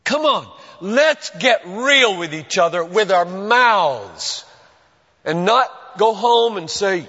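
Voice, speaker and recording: A male pastor preaching a sermon in a church, earnest and emphatic, with dramatic pauses. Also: high-pitched, very animated, pushed and bright, slightly rough. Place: church sanctuary. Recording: dull recording with long hall reverb.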